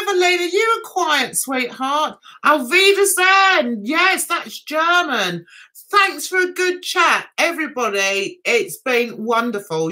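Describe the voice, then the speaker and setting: A woman's voice: fairly high pitch, pushed and bright. A woman hosting a casual livestream, chatting and giggling as she reads viewer comments and answers them fondly. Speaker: livestream host.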